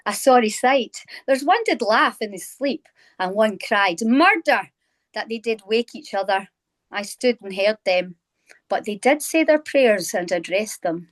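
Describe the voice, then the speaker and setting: A woman's voice: medium pitch, lively intonation, lightly acted. A woman reading the lines of a shaken male nobleman in a script exercise, echoing cue words, over a phone on a video call. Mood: tense. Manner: plain, halting reading with echoed cue words. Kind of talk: script read-aloud exercise.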